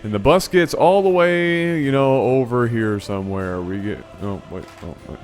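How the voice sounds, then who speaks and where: A man hosting his channel, telling a funny personal story in an animated, playful way, often correcting himself mid-sentence. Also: mid-range voice, moderate pace, faint music behind. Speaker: channel host. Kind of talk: storytelling vlog.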